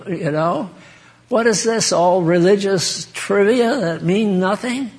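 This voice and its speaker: A man preaching in a chatty, folksy way with a fairly high voice. He takes his time and stays unhurried. He laughs easily and talks straight to his listeners. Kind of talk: informal sermon.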